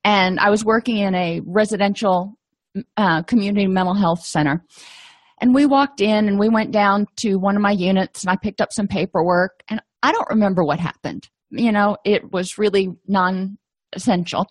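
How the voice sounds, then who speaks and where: A woman's voice: mid-range voice, normal speed, dry recording. A middle-aged woman presenting an educational lecture in a conversational, anecdotal way, with frequent fillers.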